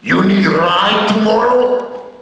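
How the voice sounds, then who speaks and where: An actor on stage playing a gruff older male wrestler who speaks in clipped, broken English and barks orders. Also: sits high, takes it slowly, a bit bright, highs cut off, heavily acted. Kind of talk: stage monologue acting. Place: theater stage. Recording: echoey hall from far off.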